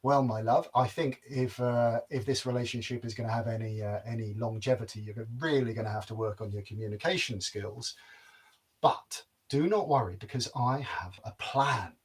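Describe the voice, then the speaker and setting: A storyteller man voicing a brisk, practical young princess who scolds gently and reassures. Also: medium pitch, husky, close to an everyday voice. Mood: reassuring.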